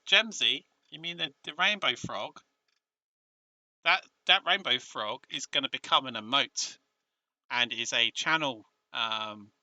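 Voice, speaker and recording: On a live stream, a British-accented man with a voice on the high side chats casually, excitable and emotional. He often restarts his sentences, and the recording is dry.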